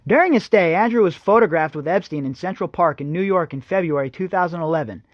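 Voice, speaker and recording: A man's voice: sits high, expressive, fast, dry recording, dull audio. A man hosting a podcast, reading news articles and breaking off into sarcastic, mocking commentary to his listeners. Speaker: podcast host. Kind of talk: ranting commentary over read-out news.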